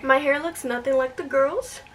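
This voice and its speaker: A young woman talking casually as she styles her hair in a vlog, chatty and self-doubting, often thinking aloud and sometimes dropping to a soft whisper. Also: sits high, normal speed. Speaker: vlogger. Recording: distant mic, clear room noise.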